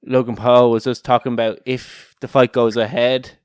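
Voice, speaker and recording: A man's voice: medium pitch, flat delivery, moderate pace, smooth, no room sound. Rambling, laughing Irish man on a dry mic. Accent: Irish, Kildare. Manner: rambling storyteller, laughs often, swears. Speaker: podcast co-host. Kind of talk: casual chat.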